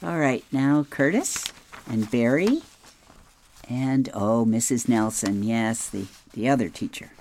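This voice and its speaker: A middle-aged woman reading newspaper comics aloud, describing each panel in a relaxed, amused way. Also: very deep voice, takes it slowly, a little hiss or hum. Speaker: comic strip reader.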